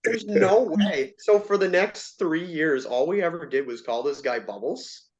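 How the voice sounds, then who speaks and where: A man chats casually in an interview, spinning anecdotes with lively energy. He throws his voice high for the people he quotes. The sound is muffled and lo-fi. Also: measured pace. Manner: animated, acts out quoted lines in raised voice. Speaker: interview guest, former player and coach. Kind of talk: casual storytelling. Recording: dull lo-fi sound.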